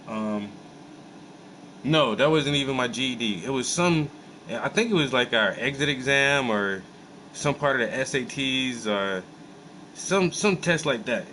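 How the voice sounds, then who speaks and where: Dude telling a wild story in aave, relaxed and cussing, bit of hum in the room. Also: male voice, mid-range voice, rough recording. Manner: animated, profane, laid-back storytelling with many fillers. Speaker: host. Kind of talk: casual storytelling.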